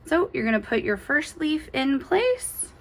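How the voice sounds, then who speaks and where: A woman's voice: sits high, big pitch swings, a little slow. A woman giving a chatty, enthusiastic step-by-step embroidery tutorial, gushing over cute details. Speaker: embroidery instructor.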